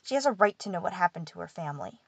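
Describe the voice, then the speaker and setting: A woman's voice: on the low side, animated, racing, gravelly, breathy edge, no echo, exaggerated voice. A woman voicing a small, hot-tempered male pixie who scolds and curses. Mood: earnest. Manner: angry, scolding, cursing.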